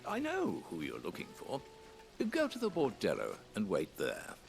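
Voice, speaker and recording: A man's voice: lowish voice, huge pitch swings, moderate pace, vocal fry, over music, exaggerated voice. A man voicing a guarded male merchant fixer in a video game. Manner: guarded, knowing.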